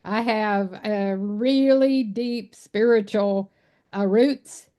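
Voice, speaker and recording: A woman's voice: mid-range voice, extremely slow, mellow. Texan woman, interview guest, earnest folksy storyteller. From Texas. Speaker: guest, animal rights speaker. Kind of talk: casual interview conversation.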